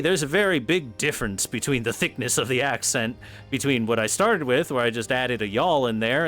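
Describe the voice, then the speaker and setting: A man's voice: mid-range voice, fairly bright tone. A man streaming a game, talking in rambling casual commentary, swearing freely and laughing at his own points. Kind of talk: casual commentary while gaming.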